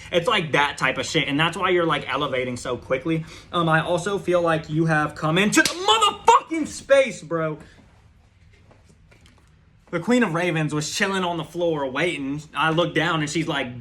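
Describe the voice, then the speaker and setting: A man's voice: on the high side, lively intonation, normal speed, pushed and bright. A man giving a casual tarot reading, talking loosely and swearing often, with many fillers and restarts. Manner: loose and profane, heavy with fillers. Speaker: tarot reader.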